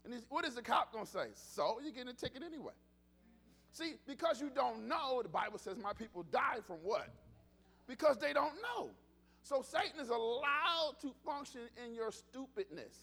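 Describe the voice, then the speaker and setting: Very high-voiced man preaching casually. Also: moderate pace, gravelly. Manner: animated, conversational preaching with repetitions and restarts. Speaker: pastor. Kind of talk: casual sermon.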